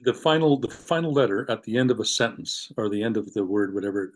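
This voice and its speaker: A man's voice: on the low side, lively intonation, quick pace. Hesitant man asking questions in class. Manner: hesitant, thinking aloud. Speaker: student. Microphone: video call.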